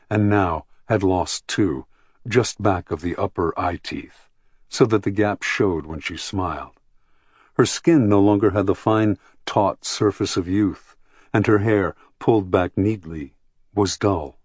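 Low husky guy reading a novel, dry close studio sound, calm and measured. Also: no room sound. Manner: measured, even storytelling. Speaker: narrator. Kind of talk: audiobook narration.

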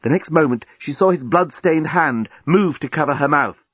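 A man narrating an audiobook in a lively, theatrical storytelling manner. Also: a little high, normal speed, breathy edge, no room sound, muffled recording.

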